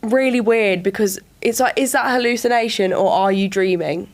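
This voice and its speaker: A woman's voice: mid-range voice, normal speed. Young woman, mid voice, chiming in on a chatty podcast. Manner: short reactions and musing. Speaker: podcast co-host. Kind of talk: casual chat.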